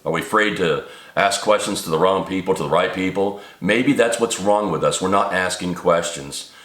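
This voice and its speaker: A low, fairly bright male voice at normal speed carries this video maker's agitated on-camera rant. He's middle-aged, and his pitch climbs sharply when he gets heated. The room is echoey.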